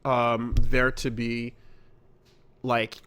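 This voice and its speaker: A man's voice: mid-range voice, completely flat delivery, very slow, a bit bright, clear, resonant tone. Rambling man in a podcast chat. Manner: rambling, frequent restarts and trailing thoughts. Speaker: podcast co-host.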